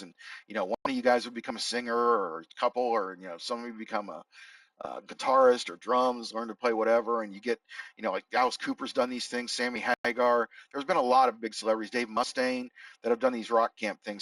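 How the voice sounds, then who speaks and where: A man's voice: medium pitch, vocal fry, a bit bright, no room sound, distant mic, poor audio. A middle-aged man reviewing films in a rambling casual chat, often correcting himself mid-sentence. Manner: rambling, self-correcting, reading out his own reviews. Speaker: movie reviewer. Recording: dry sound, set back from the mic.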